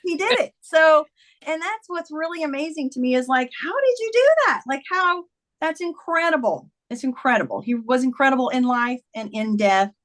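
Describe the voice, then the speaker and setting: A woman's voice: sits high, animated, normal speed, a bit bright. A middle-aged woman, a memoir author, earnestly recounting a personal story in conversation, acting out quoted dialogue.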